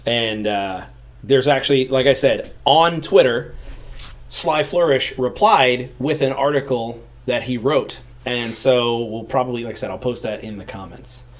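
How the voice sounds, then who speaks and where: A man's voice: mid-range voice, measured pace. A man with a mid-range voice co-hosts a tabletop game livestream. He talks casually and loosely, in an upbeat, chatty way. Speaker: co-host of a tabletop game channel.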